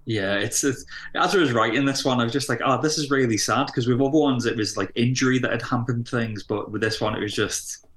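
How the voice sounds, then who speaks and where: A man's voice: mid-range voice, brisk, a bit bright. A man co-hosting a podcast, wry and teasing in casual chat. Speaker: podcast co-host. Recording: roomy echo.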